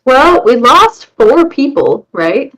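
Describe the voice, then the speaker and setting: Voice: sits high, sing-song, slow, a bit bright, low-quality recording. A tabletop player speaking as a ship's leader, giving orders to the crew. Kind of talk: tabletop game chat.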